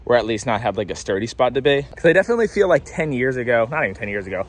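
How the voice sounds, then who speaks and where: A man's voice: medium pitch, big pitch swings, very fast. A young man telling a casual storytime monologue, rambling and packing in filler words. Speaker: vlogger.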